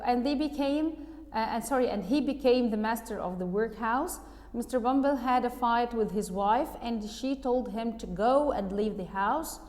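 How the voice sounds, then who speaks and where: In a large hall, a female English teacher with a fairly high, mellow voice reads a storybook aloud. She patiently explains words and asks the class questions.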